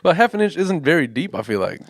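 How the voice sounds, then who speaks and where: A young man co-hosting a podcast, chiming in with jokes and quick remarks in casual chat. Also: on the high side, big pitch swings, slightly rough, no echo, clean studio sound. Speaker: podcast co-host.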